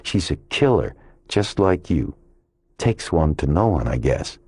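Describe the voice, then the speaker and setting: A sneering, bullying detective jeers and mocks, his voice jumping up high in spite, as a deep-voiced man puts him on. This is an audiobook reading with a dry, close sound. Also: big pitch swings, unhurried, darkish tone, husky, no echo, exaggerated voice. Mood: taunting. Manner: sneering and mocking. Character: bullying, taunting male police detective.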